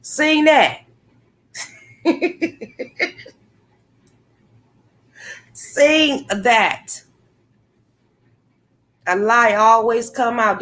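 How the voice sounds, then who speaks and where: A woman with a slightly high voice hosts a casual livestream, talking straight to her viewers. She is blunt and animated, swearing freely as she comments and answers the chat. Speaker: livestream host. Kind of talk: casual live-stream commentary.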